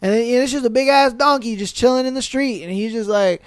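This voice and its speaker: Young male podcaster from the western US: high, clean voice, dry close mic, loose profane storytelling. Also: quick pace, clean tone, dry recording. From western United States. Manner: loose and profane, acts out animals and drivers in shouted voices. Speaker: podcast host. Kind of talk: casual solo podcast chat, reading and reacting to stories.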